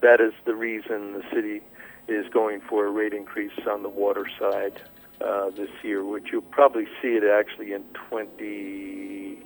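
Lower-voiced councilman, measured and hesitant. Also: little pitch movement, slight background noise, low-quality recording. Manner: measured, hesitant, repeats words. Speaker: city council member, guest. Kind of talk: radio interview.

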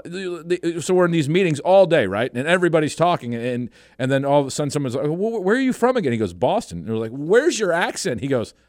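A man's voice: medium pitch, no room sound, clean studio sound. A man hosting an afternoon radio show, chatting casually and telling rambling stories. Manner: lively, rambling storyteller. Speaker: radio host.

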